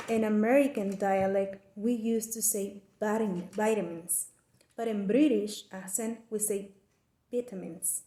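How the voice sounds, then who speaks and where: A woman gives a class presentation, slow and deliberate, restarting her phrases as she works through the explanation. Her voice is mellow, and the sound rings in an echoey room. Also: medium pitch. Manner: careful, deliberate explanation with frequent restarts and non-native phrasing. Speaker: student giving a class presentation.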